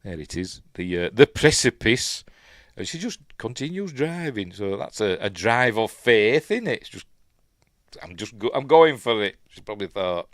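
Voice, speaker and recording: A middle-aged man with a Yorkshire accent talks through a film in a loose, rambling way, chuckling and filling gaps with ums. His voice sits low. The sound is dry and close. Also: very animated, normal speed, a bit bright, no room sound. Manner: rambling, chuckling, full of fillers. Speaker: host. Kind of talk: casual film commentary.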